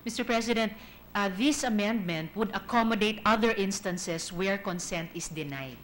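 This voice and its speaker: A woman's voice: medium pitch, moderate pace, slight background noise. A woman senator in a legislative chamber, formally answering questions on a bill and addressing the chair.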